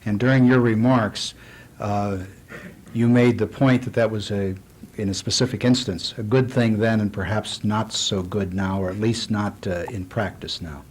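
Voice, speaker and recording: A man's voice: on the low side, fairly even intonation, normal speed, a little mellow, slight background noise. A man in the audience asks a question from the floor, hesitant and full of fillers.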